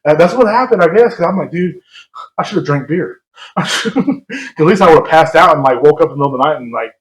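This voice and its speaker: A man's voice: fairly high pitch, fast talker, fairly bright tone. Rambling, laughing young man in echoey room. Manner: rambling, self-mocking, laughs often. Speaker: podcast co-host. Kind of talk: casual storytelling chat. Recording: roomy echo.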